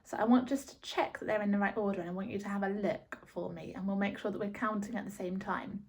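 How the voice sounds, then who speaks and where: A woman's voice: medium pitch, steady tone, quick pace, a little mellow, breathy edge. A woman teacher talking to young children through a handheld camera, cheerful and encouraging, counting in a sing-song way. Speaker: early years teacher.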